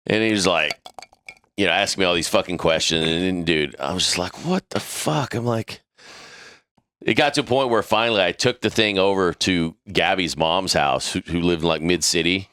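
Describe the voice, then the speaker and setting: Podcast crew member, male, lowish voice, swears freely while telling animated anecdotes, dry close sound. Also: normal speed, smooth, no room sound. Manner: profane, animated, storytelling. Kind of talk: casual storytelling chat.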